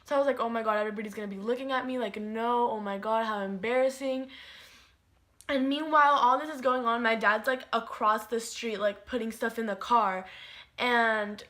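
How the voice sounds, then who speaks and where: A woman's voice: a little high, fairly even intonation, brisk, bright, forceful tone. A young woman vlogger telling a storytime in a chatty way, full of "like" and dramatic quotes of herself. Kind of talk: casual storytime.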